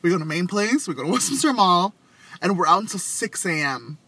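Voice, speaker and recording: Young adult male, chatty storyteller, high and bright voice, lively quotes. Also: a little fast, husky, no echo. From Vietnamese family background. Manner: animated storytelling, loud acted quotes. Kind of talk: casual chat.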